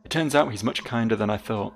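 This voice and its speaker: An anxious, suspicious young nobleman from a video game, read aloud by a man. The voice is heavily gravelly. Lines run earnest and dramatic, with high lifts on worried questions. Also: fast, soft background music. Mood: brooding.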